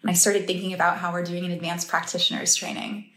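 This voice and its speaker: A woman's voice: fairly low pitch, flat delivery, fast talker, fairly bright tone, reverberant. A woman who teaches breathwork and meditation, talking in a casual, heartfelt motivational monologue and laughing easily.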